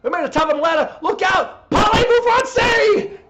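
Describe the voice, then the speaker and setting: A man doing an impression of an excitable male wrestling commentator, yelling as he calls each move. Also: extremely high pitch, moderate pace, a faint crowd, pitched above the performer's own voice. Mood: frantic. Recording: muffled lo-fi audio.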